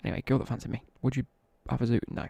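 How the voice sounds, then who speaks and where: A young live streamer with an English Midlands accent chats casually to viewers during a game, rambling through slangy stories from school. His medium-pitched voice is level, rapid-fire, creaky, mellow and slightly rough, with no room sound.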